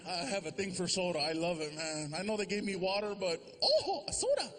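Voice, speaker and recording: Animated high-voiced male stand-up comic. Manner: animated, switching into quick character voices. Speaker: stand-up comedian. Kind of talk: stand-up comedy. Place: large theater stage with live audience. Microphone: stage microphone.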